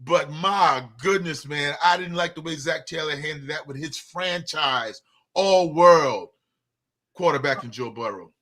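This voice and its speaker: A man with a high, bright, forceful voice co-hosts a sports talk podcast. He argues emphatically in casual debate, often doubling up words when he gets fired up. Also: a little slow.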